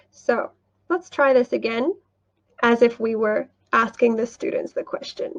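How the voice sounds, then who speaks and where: Her voice a little high and her speed normal, a young woman who teaches English and trains teachers presents an online screen-share tutorial. She stays clear and patient throughout, asking questions and supplying the answers herself. The audio is dull.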